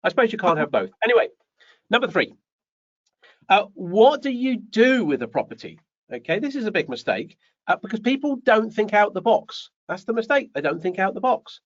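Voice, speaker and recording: A man's voice: sits high, normal speed, lo-fi sound. A man hosting a live show, giving business advice with lots of rhetorical questions and repetition. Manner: animated, rhetorical questions, repeats phrases. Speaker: host.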